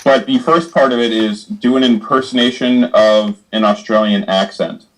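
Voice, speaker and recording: A man who is a guest on a podcast, talking about his card game in casual chat, relaxed and hesitant with fillers. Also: lowish voice, moderate pace, a little hiss or hum, poor audio.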